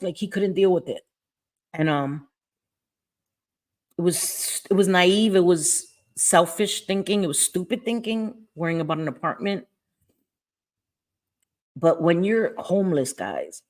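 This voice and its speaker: A woman's voice: lowish voice, a little mellow. A middle-aged woman hosting a livestream, tearful and apologetic as she tells a personal story, repeating phrases as she goes. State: crying. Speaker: livestream host.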